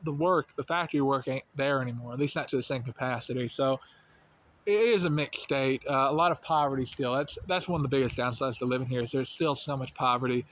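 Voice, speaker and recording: Hosting his channel, this young man from rural North Carolina rambles casually, full of fillers and false starts, in a light Southern accent. His mid-range voice is a bit bright and a little fast, and faint hiss or hum sits underneath.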